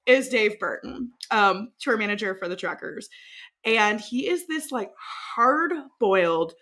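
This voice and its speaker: A woman's voice: mid-range voice, animated, a little slow, fairly bright tone. A woman tour manager, likely in her thirties, telling a story in casual chat, swearing freely and laughing mid-sentence.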